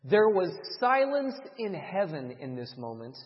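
Male preacher, high and very lively voice, dramatic sermon delivery, muffled long-reverb hall. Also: a little slow. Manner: dramatic, swings between loud emphasis and hushed delivery. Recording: dull, reverberant hall sound.

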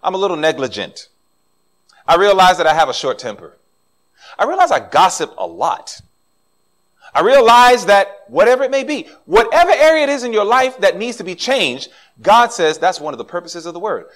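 A middle-aged male pastor preaching with a lively voice that swings up and down. His voice sits a little high for a man. He acts out the voices of the people he quotes as he talks to the congregation. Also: moderate pace. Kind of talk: sermon.

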